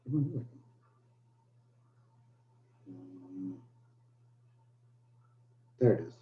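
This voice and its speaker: A man's voice: deep voice, lively intonation, extremely slow, narrow, tinny audio. A man teaching a recorded math lecture, joking in asides and saying okay often. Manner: joking asides, many okays. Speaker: math professor.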